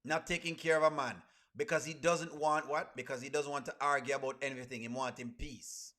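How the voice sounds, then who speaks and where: A reaction streamer hosts a casual livestream, responding to clips and reading chat aloud with a playful manner and frequent laughter. His mid-range voice is steady, fairly quick, pushed and bright.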